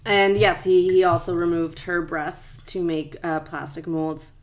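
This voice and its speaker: A woman's voice: fairly low pitch, flat delivery, a little slow. A woman co-hosting a true crime podcast, reading the case facts steadily from her notes. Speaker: podcast co-host.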